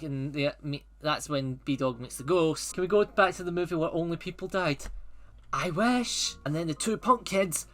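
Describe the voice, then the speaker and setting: A man ranking films in a rambling, excitable and sarcastic casual chat. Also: a little high, measured pace, faint music behind.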